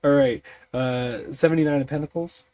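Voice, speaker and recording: A sleepy man thinking aloud in a halting, musing way as he rolls on tables to design a tabletop mystery. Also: a little high, steady tone, darkish tone, no echo. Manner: musing, halting, many fillers.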